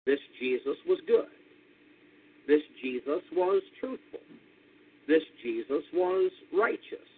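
American radio preacher, husky, phone-thin sound. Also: male voice, fairly high pitch, animated. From United States. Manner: deliberate, spells out words, rises emphatically on key points. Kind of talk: radio sermon. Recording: tinny lo-fi radio broadcast.

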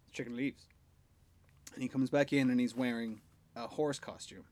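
A man's voice: medium pitch, steady tone, normal speed, darkish tone, no echo. A man co-hosting a podcast in casual chat, jokey and sweary, telling rambling jokes, recorded in a garage. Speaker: podcast co-host.

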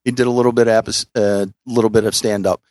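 A man's voice: fairly low pitch, flat delivery, quick pace, darkish tone, no room sound, studio quality. A middle-aged man with a Philadelphia accent, co-hosting a casual podcast and telling rambling stories full of restarts and fillers. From South Philadelphia. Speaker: podcast co-host.

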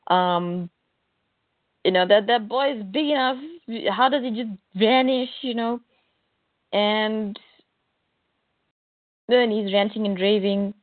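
A woman's voice: medium pitch, slow, pauses often, no room sound. A woman casually recapping a comic book story who laughs often and quotes the characters loosely, with plenty of fillers. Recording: dry, tinny phone-like sound.

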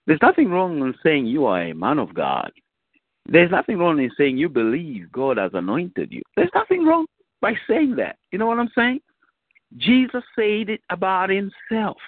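A man's voice: high-pitched, slightly rough, no room sound. A man preaching a conversational sermon, often asking "you know" and repeating phrases for emphasis. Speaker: bishop preaching. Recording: tinny phone line, dry.

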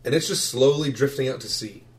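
A man's voice: medium pitch, fairly quick. A man running a tabletop game as game master, describing scenes with plenty of swearing and laughter. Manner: swears freely, laughs often.

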